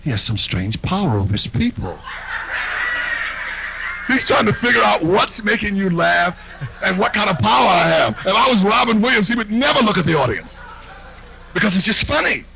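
A man's voice: high-pitched, sing-song, fairly quick, creaky, background noise. A man performing a live stand-up routine, brash and mocking, with confiding asides to the crowd. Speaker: stand-up comedian. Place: comedy stage.

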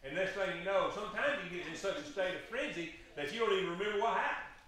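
Impassioned preacher in an echoey church. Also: male voice, high voice, fast talker, bright, forceful tone. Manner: impassioned, emphatic, rhetorical questions. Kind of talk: sermon. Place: church sanctuary.

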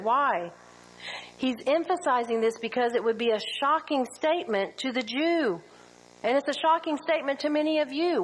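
A middle-aged woman teaching a women's Bible study, lively and full of rhetorical questions, sometimes acting out quotes. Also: sits high, husky, low-quality recording.

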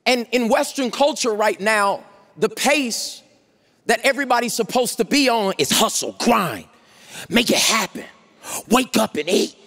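A male pastor preaching at a conference, emphatic, shouting out scripture and slowing down for key points. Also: high-pitched, expressive. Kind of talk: conference sermon.

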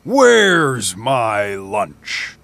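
A storybook reader voicing a big, hungry male giant who roars slowly for his lunch. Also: medium pitch, huge pitch swings, gravelly, fairly bright tone, no echo, full character voice. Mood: hungry, demanding. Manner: slow, drawn-out roaring.

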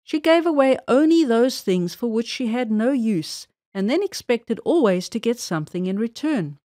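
A woman reading a children's fairy tale aloud in a gentle, measured way. Her voice sits on the higher side. It is recorded close and dry, with no echo. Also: expressive. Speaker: storyteller. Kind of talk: children's read-aloud story.

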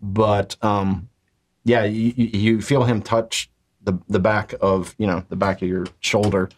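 Low-pitched male dungeon master, halting, repetitive delivery, faint hiss behind. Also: flat delivery. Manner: halting, repeats words while narrating. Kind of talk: narrating a tabletop game.

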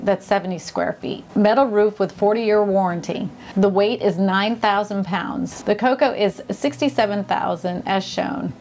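A woman hosts a casual home-tour vlog at a mid-range pitch, gushing with delight and breaking into exclamations as she goes. Soft music plays quietly underneath. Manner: gushing, enthusiastic, exclaims often. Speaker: vlog host.

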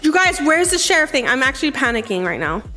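A woman streaming a game live, chatting with viewers in a bubbly, excitable way and breaking into sudden squeals. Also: sits high, fast talker. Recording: faint game music behind.

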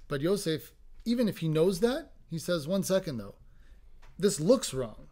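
A man in a Torah study discussion, quickly explaining a story with a conversational, retelling manner. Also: fairly high pitch, very animated, warm tone. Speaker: study partner.

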